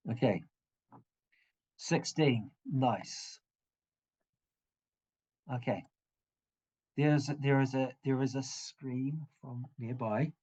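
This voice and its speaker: Husky male game master, halting. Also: mid-range voice, a little mellow. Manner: halting, full of ums and restarts. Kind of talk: narrating a tabletop game.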